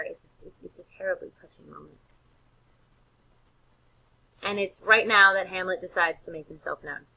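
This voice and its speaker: A woman teacher lectures casually, retelling the story in an animated, slangy way with frequent fillers and restarts. Her voice is bright and forceful, with a slightly tense edge. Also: fairly low pitch, unhurried, low-quality recording.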